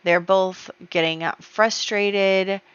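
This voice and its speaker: A woman's voice: medium pitch, fairly even intonation, drawn-out words, clear, resonant tone, no room sound. A woman casually commenting on her life-sim game, chatty and storytelling, with many fillers. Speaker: gameplay YouTuber. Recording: dull lo-fi dry sound.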